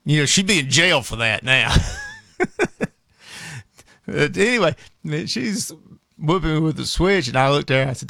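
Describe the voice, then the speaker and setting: A man's voice: a little high, animated, moderate pace, creaky, long pauses, bright, forceful tone, no echo. A male radio host in a studio, chatting casually between recordings with rambling remarks and laughs.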